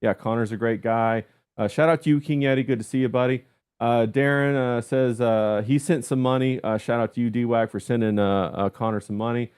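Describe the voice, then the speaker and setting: A man hosting a livestream in casual chat, halting with many fillers as he reads the chat aloud. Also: mid-range voice, fairly even intonation, darkish tone, smooth. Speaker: livestream host.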